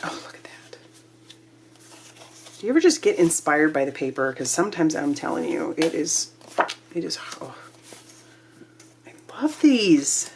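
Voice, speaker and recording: A woman hosting a craft kit unboxing, gushing and excitable, sometimes dropping to a breathy whisper. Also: deep voice, moderate pace, long pauses, a little hiss or hum. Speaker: crafting channel host. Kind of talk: casual unboxing chat.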